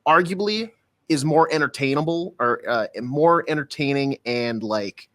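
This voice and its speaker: A man's voice: fairly high pitch, measured pace, a bit bright. A man co-hosting a podcast, rambling hesitantly through a point. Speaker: podcast co-host. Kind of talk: casual studio chat.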